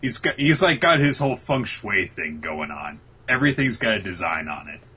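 A man's voice: on the low side, big pitch swings, moderate pace, pushed and bright, husky. A man casually discussing an anime episode as a podcast co-host, acting out character lines with swearing and laughter.

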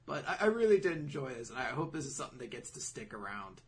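A man's voice: mid-range voice, sing-song, fast, slight background noise. A young man co-hosting a casual manga recap podcast, swearing freely and acting out characters' lines as he summarizes. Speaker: podcast co-host.

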